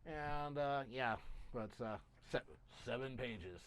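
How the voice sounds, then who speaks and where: A man's voice: mid-range voice, slow, smooth. A man joking wryly in a casual stream chat.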